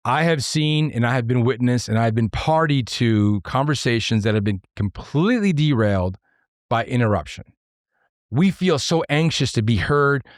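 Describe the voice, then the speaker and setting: A man hosting a podcast on his own, explaining leadership ideas step by step in numbered points, earnest and sometimes excitable. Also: mid-range voice, moderate pace, no echo, clean studio sound. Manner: excitable at times. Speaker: podcast host. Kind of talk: solo podcast talk on leadership.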